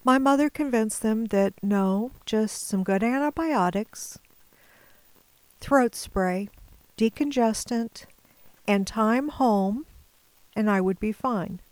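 Slow, deliberate woman storyteller. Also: fairly high pitch, darkish tone, dry recording, rough recording. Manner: measured, deliberate, at times dropping to a whisper. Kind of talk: personal storytelling.

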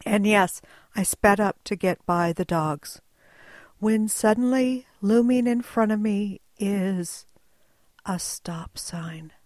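Slow, wry woman telling a story. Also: mid-range voice, no echo. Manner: wry, animated, slow and deliberate. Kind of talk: personal storytelling.

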